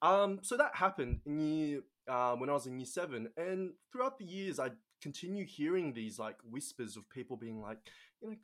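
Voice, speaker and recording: A man's voice: on the high side, lively intonation, moderate pace, a bit bright. A young man from Australia with an Australian accent, telling a story as a guest in casual conversation, chatty with many fillers.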